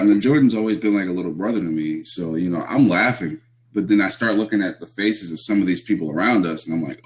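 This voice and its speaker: A young man telling profane, laid-back road stories as a guest wrestler in a casual chat. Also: fairly low pitch. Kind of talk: casual storytelling.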